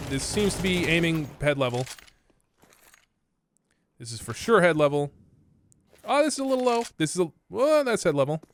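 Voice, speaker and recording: A man's voice: on the high side, background noise. A young man from Canada giving casual, rambling commentary while reviewing gameplay, swearing and using lots of fillers. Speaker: gaming content creator. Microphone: desk microphone.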